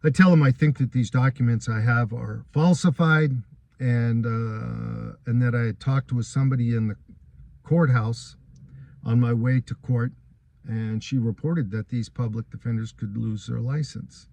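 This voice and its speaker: An aggrieved man tells his own story straight to the listener, walking through each event in turn. His voice sits at an ordinary middle pitch, and he keeps an earnest, wronged tone throughout the account. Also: fairly even intonation, a little slow, creaky, darkish tone, no echo. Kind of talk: first-person account of a court case.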